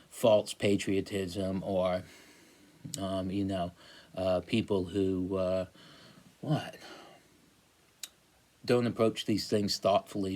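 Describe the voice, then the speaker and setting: A man's voice: on the low side, a little mellow, low-quality recording. A man in his forties giving a casual recorded lecture on poetry, thinking aloud with many fillers and checking in with "right?". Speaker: teacher.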